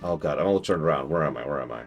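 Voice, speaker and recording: A man's voice: very deep voice, rapid-fire, highs cut off, faint music behind. A young man hosting a casual game commentary stream, enthusiastic and opinionated, with rambling asides. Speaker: streamer host.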